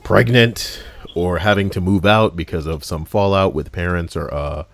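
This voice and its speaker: A man's voice: sits low, normal speed, vocal fry, fairly bright tone. A man hosting a podcast in casual chat, full of crude, teasing banter. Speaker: podcast host.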